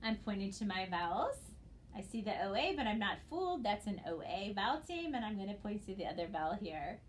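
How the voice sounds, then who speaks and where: A woman's voice: medium pitch, very animated, a little hiss or hum. Patient woman teaching phonics. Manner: slow, patient, spells out letters one by one. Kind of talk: recorded phonics lesson for students.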